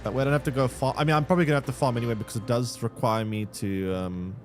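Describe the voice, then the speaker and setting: A man streaming a game live, reacting out loud and talking to his chat. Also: medium pitch, rapid-fire. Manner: animated, exclaims and talks to chat. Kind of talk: live gameplay commentary. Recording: faint game music behind.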